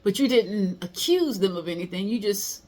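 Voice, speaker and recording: A middle-aged motivational speaker offers casual advice and tells stories in an expressive, mid-range, darkish voice at a moderate pace. She's conversational and acts out the voices she quotes.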